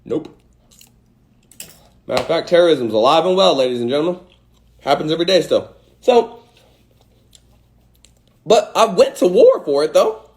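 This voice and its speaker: A man's voice: a little high, very animated, normal speed, long pauses, darkish tone. A man hosting a casual livestream, talking into a phone with emphatic rhetorical questions and blunt swearing. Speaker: host of an Instagram live. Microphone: phone mic.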